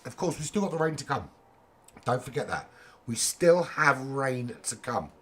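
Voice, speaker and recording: A man's voice: mid-range voice, big pitch swings, moderate pace, fairly bright tone. A man with a sore throat giving rambling, jokey, casually sweary live commentary on an online racing league. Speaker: race commentator.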